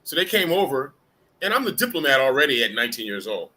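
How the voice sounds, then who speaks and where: A middle-aged man hosting a live chat and telling a casual, animated anecdote, with restarts and the odd curse word. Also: medium pitch, fast. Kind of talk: casual storytelling.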